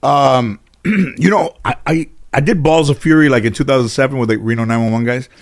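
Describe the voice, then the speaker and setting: A man's voice: mid-range voice, fairly quick. A man sits as an interview guest and tells long, winding stories. He talks in a loose, casual way, full of restarts and "you know" fillers. He acts out other people's lines as he goes. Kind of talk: casual anecdotal storytelling.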